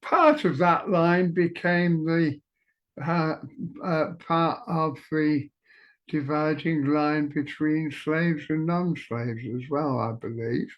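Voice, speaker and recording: A man on a video call giving a halting, thoughtful introduction to the piece he is about to perform. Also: a little high, highs cut off.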